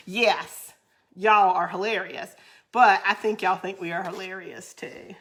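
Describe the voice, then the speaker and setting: A woman's voice: mid-range voice, animated, unhurried, fairly bright tone. A woman with a Southern US accent hosting a crafting livestream, chatting casually with viewers, reading their comments aloud and laughing often.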